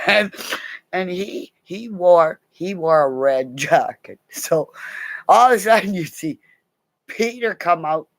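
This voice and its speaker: Slow, gravelly middle-aged woman storyteller. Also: on the low side, no room sound. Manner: animated, swears a lot, laughs mid-story. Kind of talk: casual profane anecdote telling.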